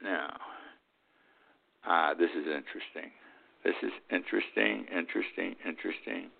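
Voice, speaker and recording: A man's voice: sits low, moderate pace, vocal fry. A man in his eighties hosting a political commentary show, blunt and indignant, often repeating himself. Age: 80s. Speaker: host. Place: Key West. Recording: tinny phone-like line.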